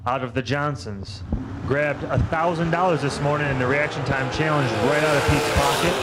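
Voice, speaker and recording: A man calling drag races and making track announcements, brisk and dryly teasing his co-announcer. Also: on the high side, background noise. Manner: brisk, dry, teasing banter. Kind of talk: race commentary and track announcements.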